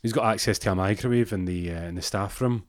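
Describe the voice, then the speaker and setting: A man's voice: on the low side, fast talker, no echo, studio quality. A man telling an improvised comic story in a rambling way, often stumbling over repeated words.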